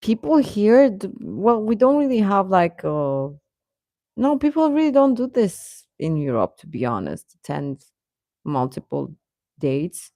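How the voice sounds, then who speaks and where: A woman's voice: medium pitch, huge pitch swings, measured pace, warm tone, dry recording. A young woman casually chatting with viewers on a livestream, reading the chat, laughing often and ranting in exasperation.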